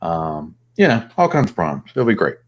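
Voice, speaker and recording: Guy chatting casually, kinda low voice, lots of ums while he thinks out loud. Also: big pitch swings, moderate pace, muffled recording. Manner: rambling, thinking aloud with fillers. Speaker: host. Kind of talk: casual live chat.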